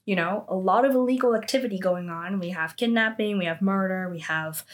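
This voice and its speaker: A woman casually recapping a TV drama episode, chatty and animated, with lots of fillers and acted-out quotes. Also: medium pitch, moderate pace.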